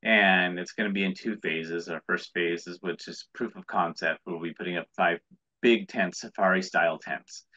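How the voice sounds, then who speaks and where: Low-pitched and steady, this American man's sharp voice moves at a normal speed. He's an entrepreneur chatting as a guest in a casual interview, earnest and rambling, often restarting, captured on dull lo-fi audio.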